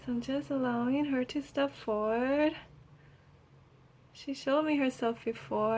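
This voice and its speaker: A young adult woman leading a guided healing meditation, talking softly and breathily with frequent giggles and trailing pauses. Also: high voice, a little hiss or hum. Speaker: energy healer.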